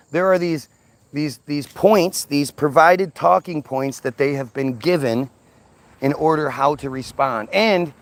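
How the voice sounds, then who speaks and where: Male commentator, agitated unscripted rant, raised pitch, stumbling repeats. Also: gravelly, a bit bright. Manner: ranting, agitated; repeats and restarts words. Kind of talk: unscripted monologue.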